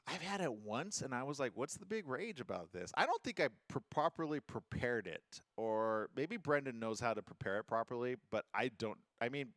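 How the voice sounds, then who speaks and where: A man's voice: medium pitch, moderate pace, hardly any pauses, dry recording. A man hosting a morning show, chatting casually and joking through the news. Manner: lively, jokey, animated delivery.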